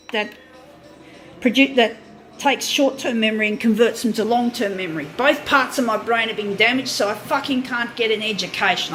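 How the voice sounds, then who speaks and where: A woman's voice: a little high, a bit bright. A woman ranting and swearing angrily while she films a product demo on her phone, half-laughing at times. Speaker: vlogger.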